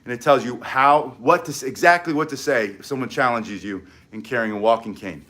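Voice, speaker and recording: A man's voice: medium pitch, a little fast, sharp tone. A man teaching self-defense, explaining and demonstrating moves with energy, sometimes moving away from the mic. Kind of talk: demonstration tutorial.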